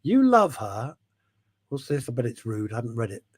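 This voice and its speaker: A man's voice: medium pitch, very animated, normal speed, slightly rough, dry recording, studio quality. A man from England hosting a radio show, chatting in a jokey, rambling, self-mocking way.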